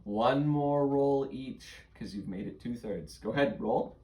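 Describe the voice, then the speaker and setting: A father running a tabletop game for his kids as game master, patient and gently coaxing. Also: medium pitch, unhurried, very noisy.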